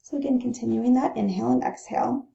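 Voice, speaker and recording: Woman, breathing instructor, calm, gravelly mellow voice, roomy dull recording. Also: a little high, fast talker. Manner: calm, demonstrates breaths between phrases. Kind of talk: gentle instructional talk.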